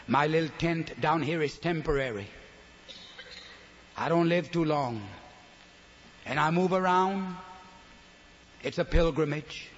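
An older man preaching a sermon, emphatic, swinging between loud declarations and soft, low asides. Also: a little slow, long pauses, a little hiss or hum. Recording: long hall reverb, dull lo-fi sound.

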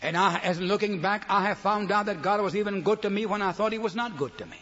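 An older man preaching a sermon, emphatic, swinging between loud declarations and soft, low asides. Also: quick pace. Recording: long hall reverb, dull lo-fi sound.

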